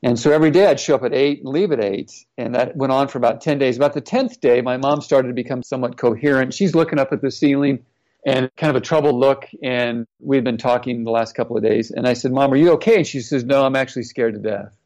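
A man's voice: mid-range voice, steady tone, fast, darkish tone. A middle-aged man, a former pro athlete, earnestly telling a personal story in an interview. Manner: earnest, reflective, retelling quotes. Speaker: guest, former NFL player. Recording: slightly dull, lo-fi audio.

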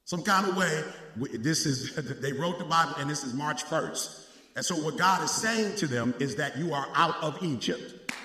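A man preaching a sermon in call-and-response style, climbing into shouted peaks and dropping back to quick asides to the congregation. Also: fairly high pitch, lively intonation. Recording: echoey hall, roomy.

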